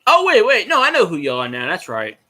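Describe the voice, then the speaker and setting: A man's voice: high voice, huge pitch swings, fairly quick, bright, forceful tone. A man, a fan vlogger rambling and swearing as he chats with viewers on a casual livestream. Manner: rambling, profane, talks to viewers in chat.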